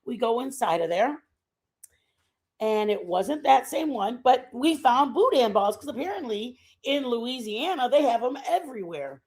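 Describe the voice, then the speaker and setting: A woman streaming a casual chat, telling a rambling travel story in an animated way and laughing often. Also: on the high side, a little slow. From Texas. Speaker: stream host.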